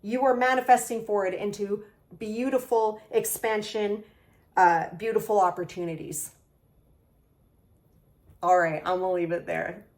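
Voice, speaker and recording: A woman at a middling pitch delivers a channeled tarot reading to camera. She talks with bubbly excitement and affirmation, and addresses the listener directly. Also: unhurried, long pauses. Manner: enthusiastic, excitable, gushing. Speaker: tarot reader.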